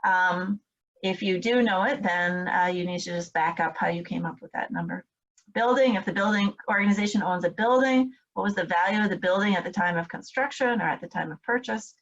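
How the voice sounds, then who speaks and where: A woman's voice: medium pitch, fairly quick, highs cut off. A woman instructor giving a recorded training lecture, explaining step by step with frequent fillers and check-ins with her listeners. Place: home, in Michigan.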